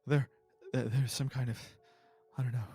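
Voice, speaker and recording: A man's voice: medium pitch, flat delivery, normal speed, dark tone, breathy edge, voice pushed down. A man voicing a terrified, cowering man who shrieks and stammers in panic. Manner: shrieking, stammering, repeating himself.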